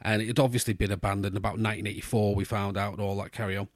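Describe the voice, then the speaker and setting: A man's voice: fairly low pitch, flat delivery, very fast, no room sound. A middle-aged man, telling a long, rambling story in casual podcast chat, full of restarts and fillers. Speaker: podcast co-host.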